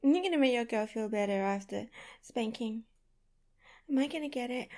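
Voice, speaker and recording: A woman's voice: on the high side, normal speed, darkish tone. A young adult woman performing an adult audio role-play, pleading and breathless, sometimes dropping to a whisper.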